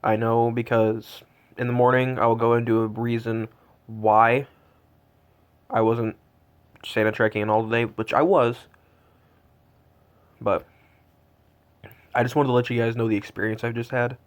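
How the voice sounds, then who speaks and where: A man's voice: mid-range voice, little pitch movement, unhurried, pauses often, clean tone. A man in his twenties, cold and shivering, rambling in awe with many fillers in a casual vlog. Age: 20s. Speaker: vlogger tracking Santa. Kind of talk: casual excited vlog talk.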